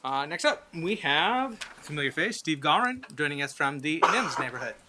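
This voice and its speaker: A man chairing a city meeting, calling up speakers in a brisk, procedural way. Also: on the high side, big pitch swings, background noise. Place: city council chamber.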